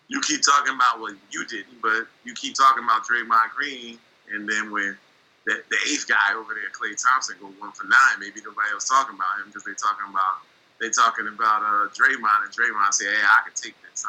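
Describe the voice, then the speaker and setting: A man's voice: lowish voice, sharp tone, breathy edge, low-quality recording. A man co-hosting a sports talk show who pushes back with wry, teasing remarks. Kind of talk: casual sports debate.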